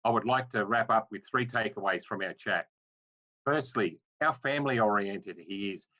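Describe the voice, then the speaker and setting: A man's voice: on the low side, pushed and bright. Enthusiastic man, dull audio. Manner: enthusiastic, quick exclamations. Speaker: interviewer and host. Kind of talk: casual chat and wrap-up to camera.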